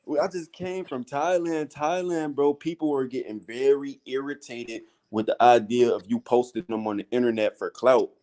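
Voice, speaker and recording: A man's voice: normal speed, few pauses. A man on a podcast casually telling a story in slang, calling his listeners "bro". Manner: animated storytelling with slang, often acting out high-pitched voices. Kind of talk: casual chat.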